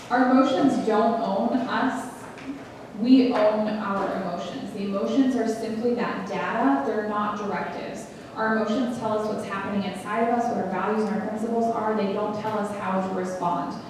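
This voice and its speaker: A woman's voice: medium pitch, darkish tone, slight background noise. A woman giving an earnest, conversational teaching talk, reading scripture aloud and speaking to a group about emotions. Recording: echoey hall from far off.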